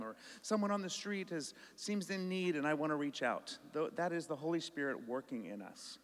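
A man leading a children's message as pastor, asking gentle questions. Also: fairly high pitch, a little fast, hardly any pauses. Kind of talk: children's sermon. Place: church sanctuary. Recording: long reverb of a church hall.

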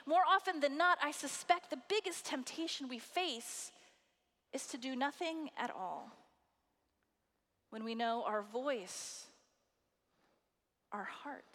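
A woman preacher delivering a sermon with emphatic phrasing and dramatic pauses. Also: sits high, fairly bright tone. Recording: hall reverb.

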